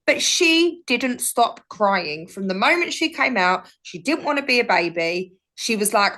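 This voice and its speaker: A woman's voice: on the high side, lively intonation, measured pace, few pauses, bright, forceful tone. A woman, chatting casually as a podcast guest and telling stories animatedly. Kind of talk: casual chat.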